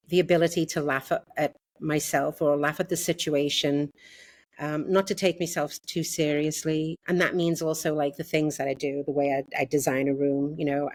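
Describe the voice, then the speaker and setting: A woman's voice: low-pitched, darkish tone, dry recording. A woman in her sixties with a Liverpool accent, chatting as a podcast guest, full of fillers like "you know". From Liverpool, England. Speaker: podcast guest, interior designer. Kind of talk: casual interview chat.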